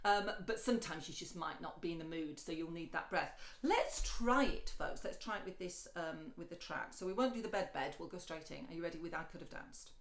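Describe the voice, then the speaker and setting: With lively intonation and few pauses, this woman talks fairly quickly, and the room has a roomy sound. Teaching singing directly to the viewer, she stays chatty and encouraging, breaking into light, high sung lines between stretches of speech.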